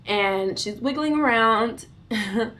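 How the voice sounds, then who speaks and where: A young adult woman vlogger telling a storytime, recounting events in an animated, dramatic way with bursts of giggling. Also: a little high, slow, slight background noise. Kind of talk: storytime vlog.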